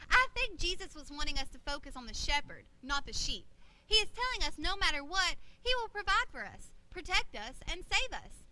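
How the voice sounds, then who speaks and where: A woman's voice: sits high, sing-song, a little fast, bright, forceful tone, full character voice. A woman voicing a friendly puppet shipmate who patiently explains the lesson to children in a church puppet show. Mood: teaching.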